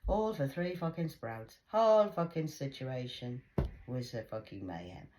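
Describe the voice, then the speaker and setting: A woman's voice: rumbling low, lively intonation, a little slow, noisy background. A woman in her forties ranting bluntly in a heated casual monologue, swearing often. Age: 40s. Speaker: vlogger.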